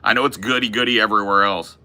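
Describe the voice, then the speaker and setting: A young man chats on his podcast in a laid-back, profane way, tossing in dude and bro. His voice sits a little low and is strikingly bright. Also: fairly even intonation, quick pace. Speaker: podcast host. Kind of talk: casual chat.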